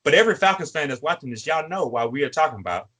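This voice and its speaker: A man's voice: on the high side, expressive, rapid-fire, a bit bright. A man co-hosting a sports fan show, lecturing a player in a repetitive, preachy way. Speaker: co-host. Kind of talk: fan sports podcast talk.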